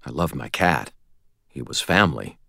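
A man narrating an audiobook in a wry, expressive storytelling manner. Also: extremely low pitch, moderate pace, creaky, no room sound, studio quality.

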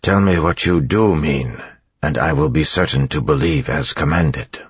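A man with a husky voice voicing a formal, obedient shapeshifter in the form of a wolfhound, speaking in a muffled way. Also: very deep voice, animated, measured pace, dry recording, exaggerated voice. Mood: stiffly formal.

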